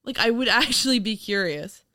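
A woman's voice: on the high side, animated, normal speed, sharp tone, no room sound, clean studio sound. Sarcastic, laughing woman podcast host. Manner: joking, sarcastic, laughs often. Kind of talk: casual chat.

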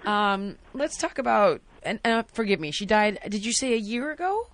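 A woman in her thirties hosting a call-in advice show, talking gently and soothingly to a caller she calls sweetie. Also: mid-range voice, lively intonation, normal speed, no echo. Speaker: host.

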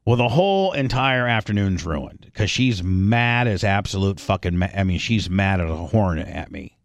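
A man's voice: low voice, expressive, normal speed, no room sound. A man hosting a podcast, telling stories in a blunt, profane, rambling casual chat. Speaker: podcast host.

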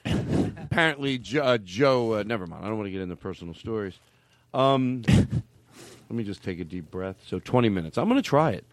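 A man's voice: fairly low pitch, lively intonation, normal speed, no echo. A man hosting a comedy podcast in casual chat, rambling and laughing, with mock outbursts and swearing. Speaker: podcast host.

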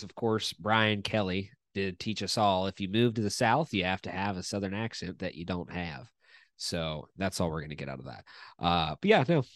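A young man hosts a casual sports podcast and talks in a very deep register. His chat is upbeat and loose, with frequent fillers. The sound is dry and close to the mic. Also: dry recording. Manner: upbeat, announcer-like welcome, relaxed chat with fillers. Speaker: podcast host.

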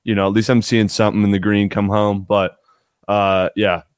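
Blunt, low-voiced man on a dry mic. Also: level tone, moderate pace, smooth, no room sound. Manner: blunt, profane, clipped. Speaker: podcast co-host. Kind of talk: casual sports betting chat.

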